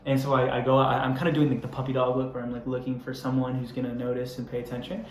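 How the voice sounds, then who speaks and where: A young man preaches a sermon in a relaxed, conversational style, poking fun at himself before building to earnest appeals. His voice sits at a middle pitch. A roomy church hall echo surrounds him. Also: fast talker, a little hiss or hum. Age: young adult. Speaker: young adults pastor.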